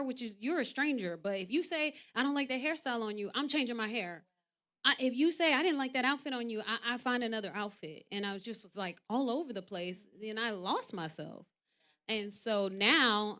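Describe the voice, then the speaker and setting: A woman in her thirties, an actress guest on a talk show, telling candid stories; she acts out quoted voices with big jumps in pitch and loudness, and drops soft and low when serious. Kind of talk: candid conversational storytelling.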